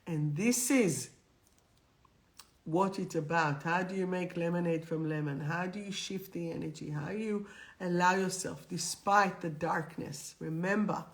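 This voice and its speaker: A woman's voice: fairly low pitch, a little slow. A middle-aged woman and spiritual teacher, chatting directly to viewers on a live stream and leading them in affirmations. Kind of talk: live-streamed guidance session.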